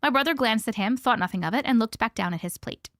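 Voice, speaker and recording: A woman hosting a casual live stream, chatting with viewers and reading stories aloud with hushed dramatic pauses. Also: a little high, expressive, no room sound, clean studio sound.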